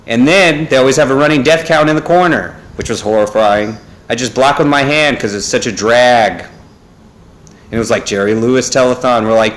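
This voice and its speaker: With a mid-range voice and a fairly quick delivery, a young vlogger talks his way through a wandering, filler-heavy monologue full of asides. He's indoors at his family home, recording on a phone worn in a neck holder.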